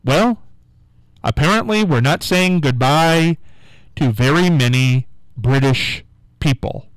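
A male radio host runs a call-in quiz in a slow, drawn-out delivery, his pitch bouncing up and down a lot. He repeats his question over and over to coax callers. The studio sound is close and dry. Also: clean tone, dry recording, rough recording. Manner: drawn-out, repetitive coaxing, reads phone number slowly. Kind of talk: call-in radio game show.

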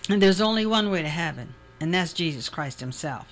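A woman's voice: lowish voice, lively intonation, a little fast. A woman hosting a religious radio talk show, speaking earnestly about faith. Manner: earnest, preachy.

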